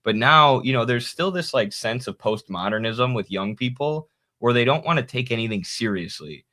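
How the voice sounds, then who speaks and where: A man co-hosting a political podcast, talking casually and telling animated stories with laughs. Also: mid-range voice, normal speed. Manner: animated storytelling, mimics others with laughs. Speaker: podcast co-host.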